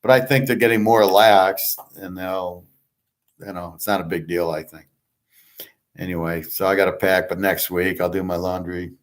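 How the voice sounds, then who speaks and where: Speaking low and fairly evenly at a normal speed, this man hosts his own channel. His talk is a loose, rambling chat aimed straight at viewers.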